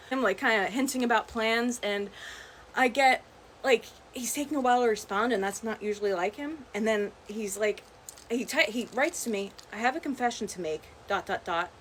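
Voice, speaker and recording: A young woman with a fairly high voice tells a storytime vlog in a chatty, animated way, peppering her talk with "like" and "right?". A faint hiss of room noise sits under her voice. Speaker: vlogger.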